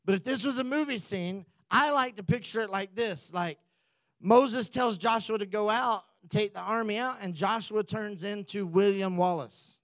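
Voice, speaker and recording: A pastor delivering a sermon, a man who tells the story with easy jokes and asides. His voice sits high for a man. The sound is dry, with little room around it. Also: moderate pace, fairly bright tone, dry recording. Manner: joking, conversational storytelling.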